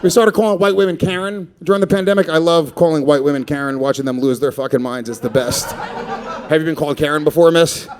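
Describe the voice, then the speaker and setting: A man in his thirties works a live comedy crowd on a stage mic, his set brash and profane, with audience laughter in the recording. His fairly high-pitched voice has a darkish tone, and he talks a little fast.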